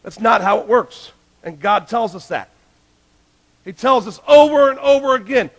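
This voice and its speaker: A male pastor preaching a sermon, emphatic, swinging between loud urgent lines and hushed ones. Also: very high voice, expressive, moderate pace.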